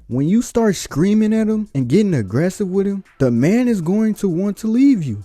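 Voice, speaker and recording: A man's voice: sits high, mellow, dry recording. A man hosting a reaction video, giving blunt, lecturing commentary. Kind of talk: opinionated commentary.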